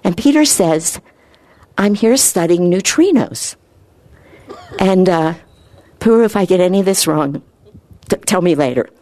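Earnest woman with a dark, mellow voice. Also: measured pace, long pauses, a little hiss or hum. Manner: rambling, earnest, rises in pitch when excited. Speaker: spiritual speaker. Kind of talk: informal spiritual talk.

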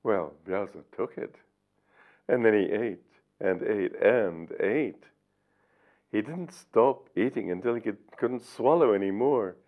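Older male teacher reading and commenting, low voice, phone-like lo-fi sound. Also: lively intonation, slow pace. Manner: storytelling, reflective. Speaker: spiritual teacher. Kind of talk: reading and commenting on his book. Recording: tinny lo-fi recording.

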